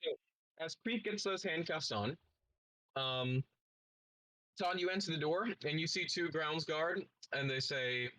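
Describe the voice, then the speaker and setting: A man as game master, narrating a tabletop role-playing game in a relaxed, casual way. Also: mid-range voice, moderate pace, dry recording, poor audio.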